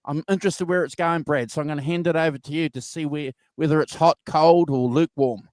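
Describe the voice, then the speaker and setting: A man's voice: a little high, fairly even intonation, a little fast, darkish tone, dry recording. Chatty rambling male podcast host. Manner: rambling, filler-heavy, enthusiastic. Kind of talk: casual music review chat. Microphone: video call.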